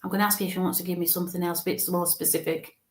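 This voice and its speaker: A woman's voice: lowish voice, level tone, very fast, echoey room. A woman giving a live mediumship reading as a psychic medium, thinking aloud with frequent halts and restarts.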